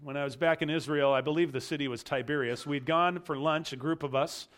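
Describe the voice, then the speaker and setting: A man's voice: on the high side, steady tone, fairly quick, a bit bright. A man preaching a sermon in a conversational way, mixing verse readings with a personal story. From United States. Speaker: pastor.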